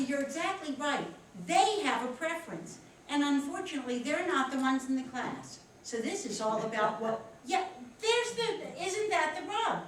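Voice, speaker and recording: A woman with a Philadelphia accent teaching a professional etiquette class, animated and encouraging as she talks with her students. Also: high-pitched, distant mic, slight background noise. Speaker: instructor. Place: large echoey classroom. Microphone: distant room mic. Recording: echoey room recorded from afar.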